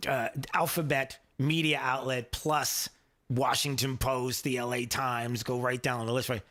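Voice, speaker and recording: Mocking, halting male radio host. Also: medium pitch, a bit bright. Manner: mocking, halting with many fillers. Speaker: radio talk show host. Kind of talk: opinionated radio commentary.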